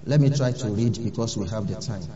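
A man's voice: lowish voice, brisk, dark tone, slight background noise. A man preaching a sermon as pastor, earnestly urging his listeners and repeating key phrases. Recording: echoey hall, dull lo-fi sound.

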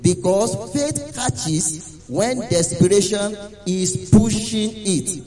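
A man's voice: sits high, slow, long reverb tail, music in the background, rough recording. A man preaching a dramatic sermon, sometimes drifting into a sung chant.

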